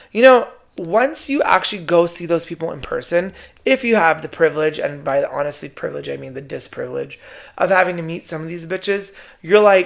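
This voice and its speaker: Brief: male podcaster, gravelly voice, sassy and foul-mouthed solo talk. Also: on the high side, expressive, a little fast. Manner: sassy, profane, keeps adding "right?". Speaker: podcast host. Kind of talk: casual solo monologue.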